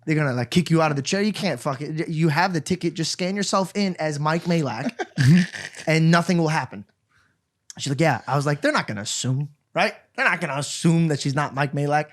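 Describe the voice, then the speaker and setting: A young man co-hosting a podcast who tells an excited, joking story and swears often. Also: on the high side, fairly quick. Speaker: podcast co-host. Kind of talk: casual storytelling chat. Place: podcast studio.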